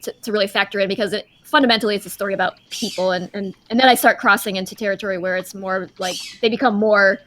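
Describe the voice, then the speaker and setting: Woman artist talking through fan questions, lots of ums, mid pitch. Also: fairly even intonation, fast talker, few pauses, fairly bright tone, a little hiss or hum. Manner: thoughtful, hesitant, many fillers. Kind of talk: casual livestream chat.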